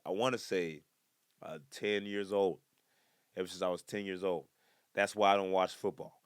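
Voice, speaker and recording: Male comic podcast host, deep voice, rambling monologue, jumps between topics, sudden loud outbursts. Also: smooth, no room sound, studio quality. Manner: bursts into loud excited outbursts.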